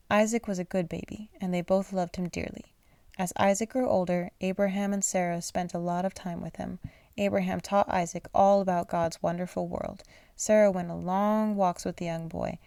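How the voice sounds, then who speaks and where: A woman's voice: medium pitch, level tone, moderate pace, gravelly, warm tone, dry recording. A woman reading a children's bible aloud at bedtime, sleepy and yawning, often stumbling over words and apologizing. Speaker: reader.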